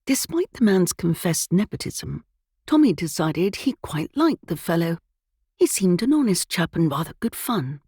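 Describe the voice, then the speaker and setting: A woman narrating a cozy period mystery, lively and expressive with wide swings in pitch. Her voice sits low and breathy, recorded dry and close. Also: normal speed, no echo. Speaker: audiobook narrator.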